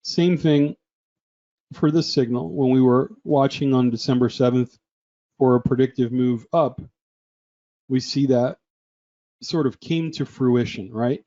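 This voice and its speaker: A man's voice: medium pitch, unhurried, long pauses, dark tone, dull audio. A man presenting a trading webinar in a chatty way, often asking the audience questions.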